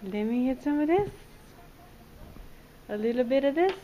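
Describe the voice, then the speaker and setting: A woman's voice: high voice, animated, normal speed. A mother at home, cooing to her baby in a home video. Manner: cooing, sing-song baby talk. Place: home, indoors. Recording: dull home video with loud background noise.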